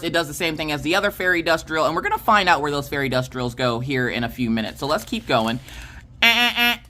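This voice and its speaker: A chatty woman with a low voice talks through a craft unboxing. She gets excited, then catches and corrects her own slips. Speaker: craft video host. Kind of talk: casual unboxing chat.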